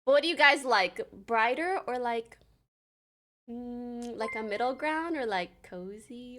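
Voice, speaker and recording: A young woman in her twenties livestreams in a casual, bubbly manner, talking a lot and quickly listing viewer names to say thanks. She has a fairly high pitch with lively intonation.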